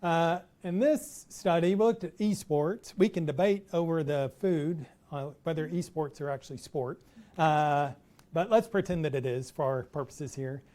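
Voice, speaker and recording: A middle-aged man with a Texas accent giving an academic talk to an audience in a relaxed, conversational way with frequent "uh" fillers. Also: a little high, normal speed. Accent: Texan. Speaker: professor giving an installation talk.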